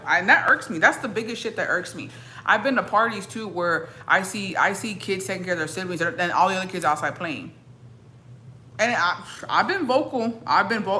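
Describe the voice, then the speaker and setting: Woman, Mexican-American accent, young adult, bright voice, blunt, swears a lot, casual chat, faint background noise. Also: fairly low pitch. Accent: Mexican-American English with Spanish code-switching. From Mexican-American family. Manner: blunt, profane, animated, code-switching. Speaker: streamer. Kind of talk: casual chat reacting to viewers.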